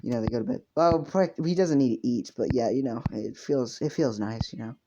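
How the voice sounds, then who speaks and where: A young man with a medium-pitched voice briskly improvises a story at home, rambling, crude, correcting himself and using lots of fillers. His lo-fi mic sounds dull, the background is noisy, and his pet cat is in the room.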